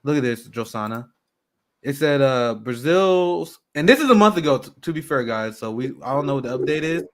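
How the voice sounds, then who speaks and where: A man's voice: mid-range voice, expressive, brisk. A man hosting a casual livestream, loose and chatty with lots of fillers. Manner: loose, chatty, self-deprecating, many fillers. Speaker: host.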